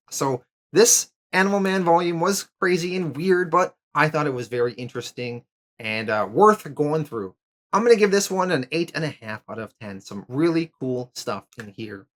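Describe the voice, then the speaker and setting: Speaking in a fairly high voice, a man recaps a comic book story and then reviews it, relaxed and casual, with occasional filler words.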